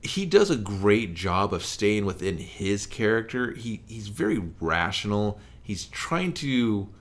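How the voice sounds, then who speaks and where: A man with a lowish voice talks through a horror movie in relaxed, profane banter. He jumps into quick impressions of the characters and laughs at his own jokes. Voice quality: laughs often, swears casually, acts out movie lines. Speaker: podcast co-host. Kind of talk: casual movie review chat.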